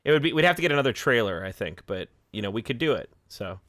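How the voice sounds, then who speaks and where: A man's voice: medium pitch, animated, quick pace, a bit bright, no room sound, clean studio sound. A man hosting a casual livestream podcast over a video call, chatty, with frequent laughs and restarts.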